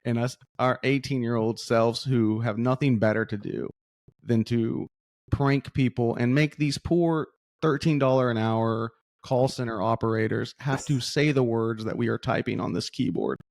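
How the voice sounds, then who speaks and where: Animated man telling stories, dry room. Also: medium pitch, moderate pace, creaky, no echo. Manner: animated storyteller, acts out voices. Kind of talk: casual podcast chat.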